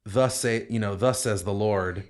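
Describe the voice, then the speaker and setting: Low-voiced man explaining scripture. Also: a little slow. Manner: explanatory, quotes Hebrew verses, many restarts. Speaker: rabbi co-host explaining scripture. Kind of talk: podcast Bible study discussion.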